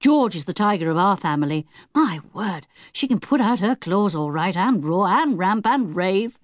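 A woman's voice: medium pitch, animated, normal speed, no room sound, clean studio sound, lightly acted. A woman narrator voicing a confident, wry eldest teenage brother in a children's audiobook. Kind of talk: audiobook character voice.

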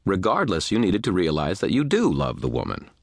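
A man voicing a steady, earnest knight who presses his friend with calm, moralizing questions. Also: deep voice, fairly quick, gravelly, no echo, voice pushed up, heavily acted. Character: earnest, steady male knight, gently lecturing.

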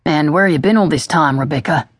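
A woman's voice: deep voice, a little fast, no echo, studio quality. A woman voicing a brutish male police detective who talks in a soothing, patronizing way.

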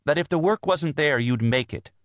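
A man reading an audiobook voices a young wife and mother who is tense, earnest and insistent as she pleads. He pitches a bit above his own voice, landing fairly high but close to everyday speech, at normal speed. It's studio quality with no room sound.

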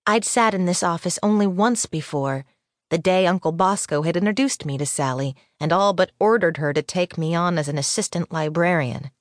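A woman with a lowish voice narrating a first-person audiobook, measured and even. The studio sound is close and dry. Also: no room sound. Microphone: studio microphone.

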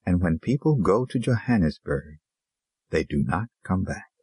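A man voicing a patient, weary Zulu pastor's wife in an audiobook, speaking softly and pleadingly. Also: deep voice, animated, a little slow, breathy edge, dry recording, heavily acted. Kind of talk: audiobook character reading.

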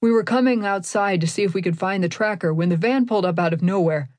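A woman reading the part of a bloodied male priest who curses and shouts in a hurried, urgent way. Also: medium pitch, no echo, natural voice.

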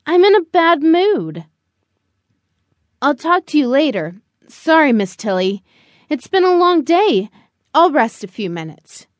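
Woman doing a grumpy blind storybook dog, growly then sorry, slow. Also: high-pitched, very animated, no echo. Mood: apologetic. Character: blind male dog, gruff but sorry.

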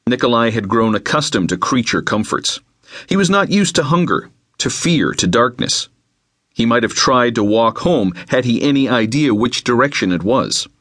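A man reading an unabridged novel aloud, with measured, dramatic storytelling into a close mic. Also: mid-range voice, a bit bright, no echo. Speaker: audiobook narrator. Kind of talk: scripted narration.

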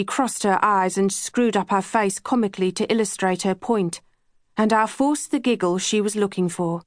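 A woman's voice: medium pitch, no room sound. Dry, close woman narrating an audiobook. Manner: measured and even first-person storytelling. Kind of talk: scripted narration. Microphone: close studio mic.

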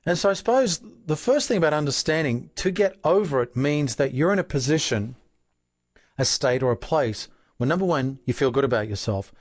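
A man's voice: a little high, expressive, brisk, no echo, clean studio sound. A man with an Australian accent explaining emotions in an earnest self-help talk, often posing rhetorical questions. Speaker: self-help author and relationship coach.

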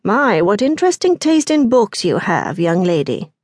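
A woman reading an audiobook, voicing a haughty, aristocratic young gentleman with a low, dry, sarcastic tone. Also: very animated, normal speed, dry recording. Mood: cool, sardonic.

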